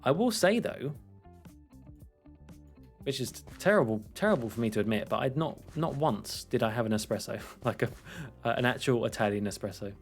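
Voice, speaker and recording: This is casual gaming-stream chat from a young man from England who rambles, mocks himself and laughs frequently. His medium-pitched voice is animated, the pace normal, with soft background music.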